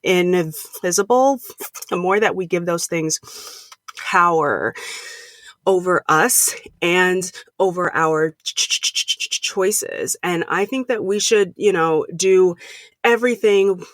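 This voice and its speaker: A woman's voice: lowish voice, slow pace, a bit bright, dry recording, clean studio sound. A woman speaking as a podcast guest in casual conversation, stuttering often and repeating first sounds before words. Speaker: podcast guest, empathy consultant.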